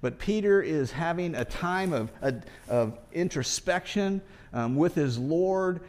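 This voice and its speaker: A man's voice: on the high side, expressive, unhurried, darkish tone. Man preaching a conversational sermon. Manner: conversational preaching with rhetorical questions. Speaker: pastor.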